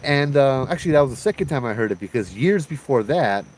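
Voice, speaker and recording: A man's voice: mid-range voice, expressive, fast talker, darkish tone, poor audio. A man from Hawaii telling a ghost story in a laid-back, chatty way, using slang and laughing often.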